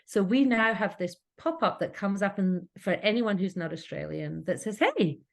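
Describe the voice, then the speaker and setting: A woman's voice: mid-range voice, moderate pace, gravelly. A Scottish woman talking earnestly as a podcast guest about running her business, with frequent restarts. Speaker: cake kit business owner, podcast guest. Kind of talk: casual interview chat.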